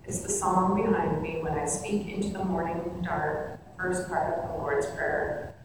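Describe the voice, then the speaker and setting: A woman with a lowish voice preaches a sermon and tells it as a thoughtful, unhurried story. She is heard from a distance in a big hall with long reverb. A steady background noise sits under her words. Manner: reflective storytelling, soft repetitions.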